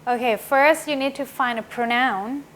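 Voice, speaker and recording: A woman teaching an English grammar lesson, explaining slowly and often checking with "right?". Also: high-pitched, fairly bright tone, a little hiss or hum.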